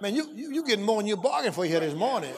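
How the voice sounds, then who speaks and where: A high-voiced man preaches in a church service, his pitch leaping up and down as he shouts and calls out to the congregation. A crowd answers audibly around him on the live recording. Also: big pitch swings, racing. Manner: exuberant, shouting call-and-response preaching. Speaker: pastor. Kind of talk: sermon.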